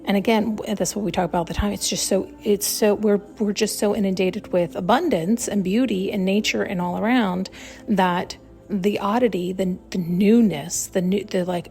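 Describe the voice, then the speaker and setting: A woman's voice: medium pitch, moderate pace, vocal fry, a little mellow, soft background music. A woman hosting a podcast, talking in a rambling, blunt, casual self-help monologue and swearing freely. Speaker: podcast host.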